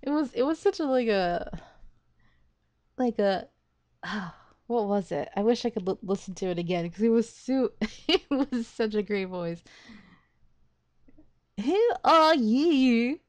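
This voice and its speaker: Excitable rambling woman gamer. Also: medium pitch, normal speed. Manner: excitable and rambling, laughing often, thinking aloud. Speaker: let's play host. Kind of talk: gaming commentary.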